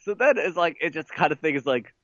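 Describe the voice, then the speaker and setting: A man's voice: fairly high pitch, animated, fast, fairly bright tone, no echo, muffled recording. A man co-hosting a podcast, telling a story in casual chat, rambling with lots of fillers and laughing. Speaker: podcast co-host.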